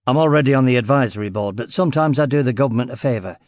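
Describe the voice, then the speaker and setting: A man's voice: mid-range voice, rapid-fire, darkish tone, no room sound, studio quality, natural voice. A man voicing an aging male celebrity DJ with a weird DJ voice and faint Yorkshire traces, self-important and snappish. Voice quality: distinctive weird DJ voice.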